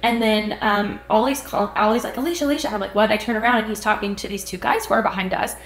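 Young female podcast co-host, mid pitch, chatty storyteller, roomy studio sound. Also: fast talker. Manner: animated storytelling, acts out quotes, many fillers. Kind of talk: casual chat.

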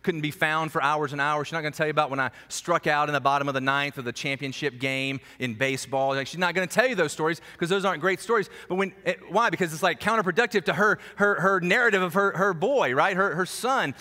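A man preaching a sermon in a conversational, animated storytelling way, with sudden drops to a hushed voice. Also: a little high, quick pace, hardly any pauses. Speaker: pastor. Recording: echoey hall reverb.

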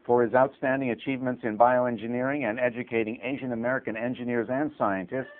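A man narrating a documentary in an even, informative scripted delivery. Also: medium pitch, quick pace, soft background music. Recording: tinny phone-like sound.

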